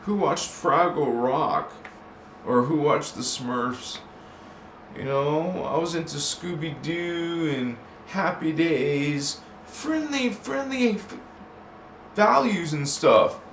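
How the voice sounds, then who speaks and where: A man's voice: fairly high pitch, slow pace, a bit bright. A man hosting a casual livestream chat, talking loosely with the audience, laughing often and slipping into chanted made-up words. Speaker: livestream host. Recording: roomy, with faint background hiss.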